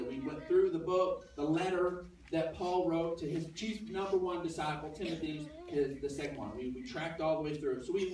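A man's voice: a little high, a little mellow. A man preaching a sermon as pastor, telling a personal story in a conversational way and acting out the other people's lines. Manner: conversational storytelling, acts out dialogue. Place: church sanctuary. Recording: very echoey church from a distance.

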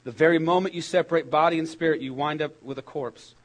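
A man preaching a sermon in a conversational, animated way, with jokes and quick asides. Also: on the high side. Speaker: pastor.

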